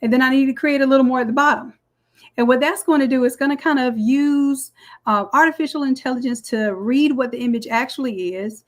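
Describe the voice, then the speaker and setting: A woman walking through a design software tutorial step by step in a chatty, explaining way. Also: sits high, brisk. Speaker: design instructor. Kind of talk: screen-recorded software tutorial.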